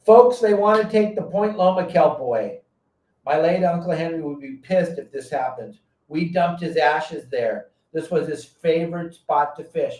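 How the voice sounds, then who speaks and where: Socal fishing show host guy, loud and blunt, kinda high voice, roomy echo, mic a bit far off. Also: normal speed. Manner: loud, energetic, blunt storyteller. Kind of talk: casual podcast chat.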